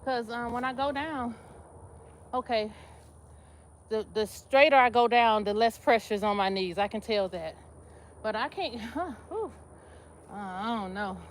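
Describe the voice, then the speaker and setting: A woman, talking to her live stream viewers as she works out. Her voice sits a little high, and she talks loosely with plenty of laughs and exclamations while she squats. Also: a little slow, long pauses, a little hiss or hum. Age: 50s. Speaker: livestream host. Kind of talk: casual live exercise chat.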